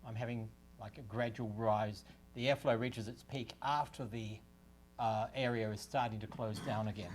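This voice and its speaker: A man's voice: on the low side, fairly even intonation, normal speed, slight background noise. A man giving a university lecture on speech science, explaining step by step, with fillers and restarts. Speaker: research scientist giving a technical talk. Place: lecture room.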